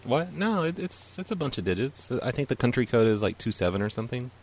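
A man's voice: mid-range voice, big pitch swings, quick pace, a little hiss or hum. A man hosting a prank call show in casual chat, brash, laughing and swearing freely.

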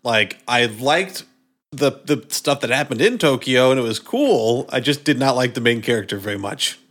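A man's voice: medium pitch, moderate pace, a bit bright. A man from Minnesota chatting casually, hesitant and musing, with many restarts. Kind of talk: casual chat.

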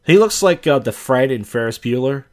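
A man's voice: mid-range voice, animated, normal speed. A man hosting a reaction video, giving crude, sarcastic commentary. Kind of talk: casual commentary.

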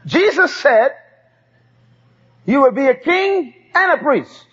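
Emphatic preacher with a high, lively voice. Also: male voice, slow. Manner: emphatic call-and-response preaching. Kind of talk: sermon. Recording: dull lo-fi sermon tape.

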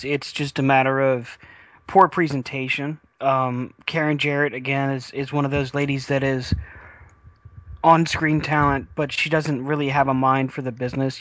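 A man's voice: mid-range voice, fairly bright tone, no echo. A man hosting a wrestling podcast in casual chat, rambling with many fillers and restarts, and he has the hiccups.

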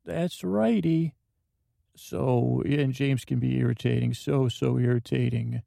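A man's voice: mid-range voice, measured pace, creaky, dark tone, no echo. A man playing a grouchy, blunt know-it-all with a rambling, dry way of talking in an improvised comedy scene.

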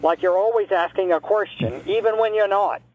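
A man's voice: sits high, moderate pace, phone-quality sound, natural voice. A man playing a grumpy retired caller from New Jersey, who rants sarcastically and trades insults in a comedic call-in bit. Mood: grumbling.

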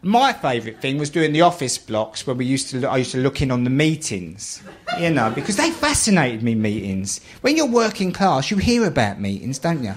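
A man's voice: mid-range voice, big pitch swings, moderate pace, a little hiss or hum. A middle-aged man with a Cockney accent, telling a stand-up comedy routine in a chatty, storytelling way on a theatre stage. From London. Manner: chatty storyteller, laughs at his own jokes. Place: theatre stage with a laughing audience.

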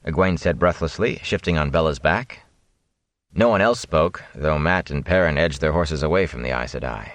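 A man narrating a fantasy audiobook with dramatic, expressive storytelling. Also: rumbling low, brisk, no room sound.

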